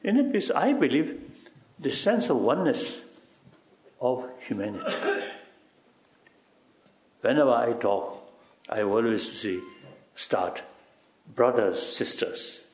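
A man giving halting, reflective interview answers in broken English, often repeating "you see" and chuckling. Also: medium pitch, big pitch swings, echoey room. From Tibet. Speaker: interviewee, spiritual teacher.

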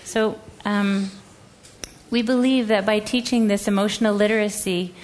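A woman's voice: medium pitch, fairly even intonation, normal speed. A woman educator giving a presentation, telling a classroom story and acting out the quoted voices. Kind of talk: presentation talk.

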